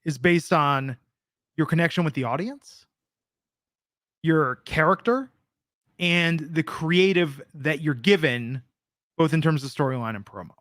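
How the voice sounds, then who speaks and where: A man's voice: fairly high pitch, expressive, a little slow, pauses often, a bit bright, dry recording. Dry, wry man on a close mic. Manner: dry, wry, with hesitant fillers. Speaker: podcast co-host. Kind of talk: casual chat.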